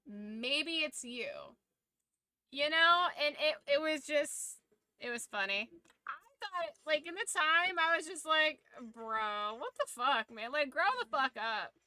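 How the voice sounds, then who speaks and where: A young woman streamer in casual chat, telling a story in a lively, profane way. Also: high-pitched, no echo.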